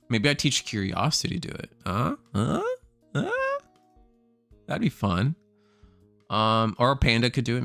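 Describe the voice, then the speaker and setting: Male streamer, mid pitch, smooth voice, dry close mic, loose rambling delivery, worn out. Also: a bit bright, dry recording. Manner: rambling, casual, swears freely. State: tired, burnt out. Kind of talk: casual live-stream chat.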